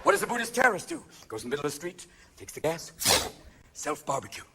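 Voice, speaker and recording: A man doing a stand-up comedy routine, manic, swinging between shouts and hushed asides, recorded live on stage. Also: fairly high pitch, huge pitch swings, fast talker, gravelly, background noise.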